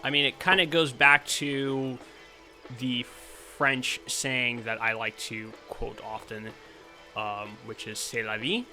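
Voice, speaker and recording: A man's voice: mid-range voice, slow pace, faint music behind. A man giving casual, rambling gameplay commentary, full of fillers. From United States. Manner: rambling, relaxed, lots of fillers. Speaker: gaming channel host.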